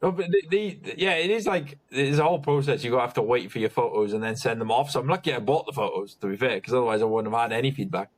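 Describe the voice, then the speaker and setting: A man talks in a casual podcast chat, his pitch sitting at an ordinary middle level. He stops and restarts often, leaning on fillers as he works his thoughts out aloud. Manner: halting, full of restarts and "like". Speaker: podcast guest, bodybuilder.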